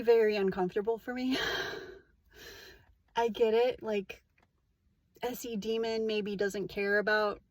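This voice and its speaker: A woman's voice: on the high side, no echo. A woman vlogger talking in a casual, candid, rambling monologue, full of "like" and restarts. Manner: rambling and candid, heavy use of "like".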